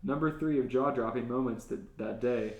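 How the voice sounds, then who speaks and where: A man reading fanfiction aloud on a comedy podcast at an everyday pitch. The sound is roomy, with a clear echo. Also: moderate pace, a little mellow. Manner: reads aloud, often laughing. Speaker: podcast co-host.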